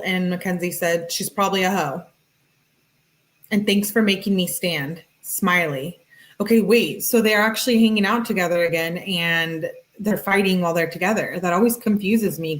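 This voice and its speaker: A woman hosting a true-crime channel, reading text messages aloud in a flat, casual way with "she says, he says" tags and chatty asides. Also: on the low side, normal speed, rough recording.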